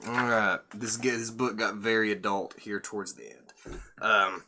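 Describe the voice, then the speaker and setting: A man's voice: fairly low pitch, fairly even intonation, moderate pace, pushed and bright, a little hiss or hum. A man reading a picture book aloud and joking about it with irreverent, profane commentary. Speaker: storyteller host.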